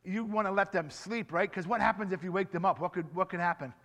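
A man with a high, light voice preaches to a group of children, stopping often to ask them questions and acting out the story. His voice rings with long reverb from a large hall. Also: quick pace. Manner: animated, asks the children questions. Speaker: children's pastor. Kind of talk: children's sermon.

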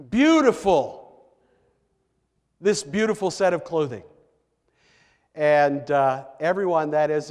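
A pastor delivers a sermon in a high, light voice, unfolding his story slowly and leaning into key phrases with emphatic rises. His words hang in the long reverb of a church sanctuary. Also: clear, resonant tone.

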